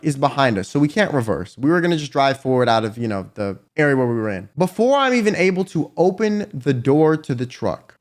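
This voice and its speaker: A young man telling a dramatic storytime vlog in an animated, profane and exaggerated manner. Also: fairly high pitch. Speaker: YouTuber.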